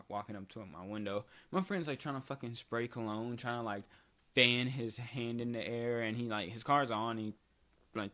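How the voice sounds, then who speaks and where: A young man tells a story straight to his audience in a loose, rambling way. He swears freely and leans on "like" between nearly every phrase. His voice sits at an ordinary, mid-range pitch for a man. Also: a bit bright. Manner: rambling, profane, filler-heavy "like". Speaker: vlogger. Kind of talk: casual storytime.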